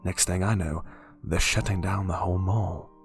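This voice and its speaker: Guy doing a worried older liverpool man, low hushed voice, grave half-whisper, spooky story. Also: fairly even intonation, moderate pace, creaky, music in the background. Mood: hushed warning. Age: 50s. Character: quiet older man in his late fifties, worried.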